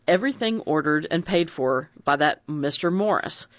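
A narrator reading a mystery novel aloud in an expressive, dramatic audiobook style. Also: mid-range voice, normal speed, dry recording. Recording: dry dull lo-fi recording.

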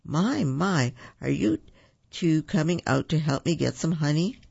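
A man's voice: fairly high pitch, lively intonation, a little slow, vocal fry, darkish tone, breathy edge, dry recording, highs cut off, exaggerated voice. A man voicing a big, boastful male bear in a children's story, blustery and proud.

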